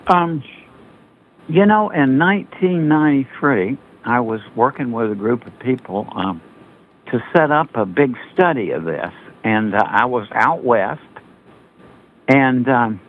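Older man, halting, over a phone line. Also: mid-range voice, expressive. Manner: halting, repeats words while thinking aloud. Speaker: guest author. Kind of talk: casual interview talk. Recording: tinny phone line with faint noise.

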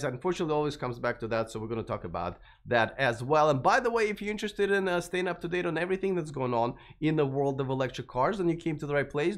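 A man hosts a live stream about electric cars, with a slightly high voice. He rambles in a casual, unscripted way, full of ums and false starts. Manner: rambling, many fillers and restarts. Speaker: host of an electric car channel.

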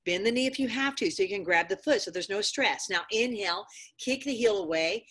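A woman's voice: mid-range voice, lively intonation, fairly quick, a bit bright, husky. A middle-aged woman teaching a live yoga class, giving firm step-by-step cues and encouraging students by name. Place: yoga studio.

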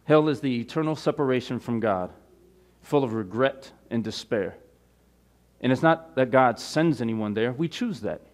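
A pastor delivering a sermon, his voice sitting at an ordinary middle pitch. He leans hard on key words, slowing down and stretching them for weight. He is a man speaking to a congregation in a plain, direct way. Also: lively intonation. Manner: preaching with rising emphasis, stretching key words; opens in a quiet, low prayer.

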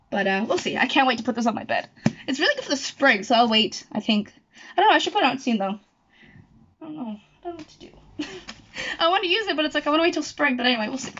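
A woman's voice: sits high, fairly bright tone, slight background noise. A young woman chatting casually at home, rambling and correcting herself as she goes. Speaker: YouTuber. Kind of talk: casual chat. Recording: dull lo-fi recording.

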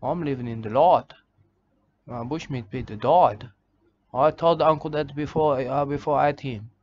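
Rambling man, halting deadpan. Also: medium pitch. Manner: halting, full of "uh" and restarts, says "mate". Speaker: comedic character monologue. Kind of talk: rambling deadpan comic monologue. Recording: slightly dull lo-fi sound with faint background noise.

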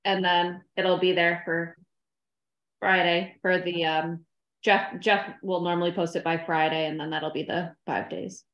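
A woman's voice: lowish voice, little pitch movement, unhurried, highs cut off. A woman town clerk at a meeting, practically explaining procedure step by step. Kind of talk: casual meeting talk. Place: town office meeting room. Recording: roomy meeting-room sound.

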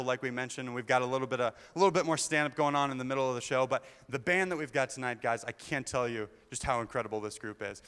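A young man from Kentucky emcees a live show with quick, chatty stand-up. His voice comes through smooth and clear on a stage mic. A long reverb trails behind him from the theater hall. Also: mid-range voice, fairly bright tone. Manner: chatty, self-deprecating, slips into mock official voices. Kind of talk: stand-up comedy set.

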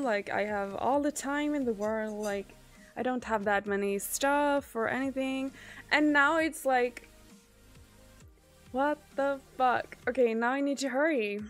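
A woman streamer in casual chat with her viewers. She is chatty, swears often and trails off with fillers. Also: on the high side.

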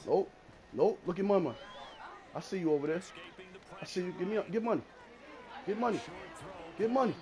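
Brief: male gamer with a very high, animated voice who trash-talks live gameplay. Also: brisk, long pauses. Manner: loud, taunting, repeats phrases, swings from mutters to shouts. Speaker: gamer streaming a football video game.

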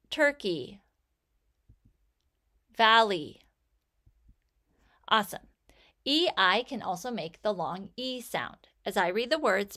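A woman's voice: medium pitch, fairly bright tone. A woman teaching a phonics lesson for children, reading words out one at a time and praising the listener. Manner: slow, clear, encouraging word-by-word reading.

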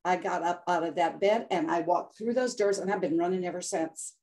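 A woman's voice: on the low side, fairly quick, a little mellow. An older woman guest on an interview show, telling her story in a dramatic, inspirational way. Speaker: guest health coach.

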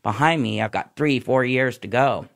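A man with a medium-pitched voice and vocal fry talks at a moderate pace. As a podcast guest and former nurse, he candidly recounts his recovery, his story tumbling out in long run-ons.

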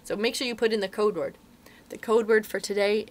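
A young adult woman, a librarian, reading a story aloud to children in an expressive, animated way. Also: mid-range voice, fairly quick.

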